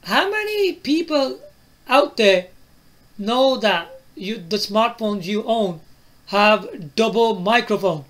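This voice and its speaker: A man's voice: high voice, fairly bright tone. A man reviewing a phone to camera, asking the viewer questions and tagging his lines with "right?" and "yeah?". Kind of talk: product demo to camera.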